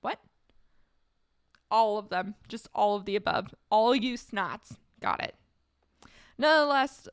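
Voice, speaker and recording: A woman from California, a streamer doing live stream commentary, reading aloud and reacting in a casual, wry way that breaks into quick laughs. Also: medium pitch, fairly bright tone, dry recording, clean studio sound.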